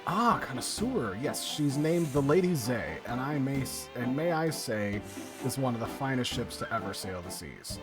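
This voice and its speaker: A man voicing a haughty older pirate captain in a game, speaking in a pompous, drawn-out way. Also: mid-range voice, very animated, music in the background, natural voice.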